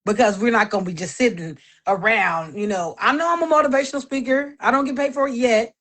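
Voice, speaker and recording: A woman gives an emphatic, faith-filled testimony in casual chat, animated, laughing often and repeating herself a lot. She talks fast in a slightly high voice.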